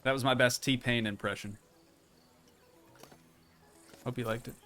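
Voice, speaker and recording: A man's voice: medium pitch, a little slow, soft background music. Chatty young man streaming a building game. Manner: relaxed, chatty, thinking aloud while building. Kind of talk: casual gameplay commentary.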